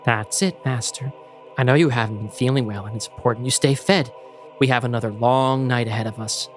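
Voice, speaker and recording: A man's voice: mid-range voice, fairly even intonation, a little fast, soft background music, lightly acted. Creepy groveling male servant, oily and servile, read by a man. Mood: fawning. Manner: oily, servile, turns menacing. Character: fawning, sinister male servant of a vampire.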